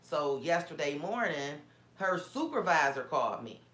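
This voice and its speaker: A woman's voice: low-pitched, sing-song, moderate pace, fairly bright tone. A woman vlogger telling a story in a casual, indignant way, with many restarts. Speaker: small business owner vlogger. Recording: roomy echo.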